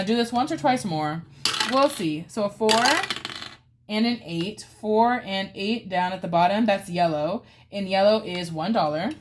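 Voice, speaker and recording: A woman with a mid-range voice hosts a casual budgeting vlog, talking through dice-roll savings games with playful groans and cheers. There's slight background noise in the recording.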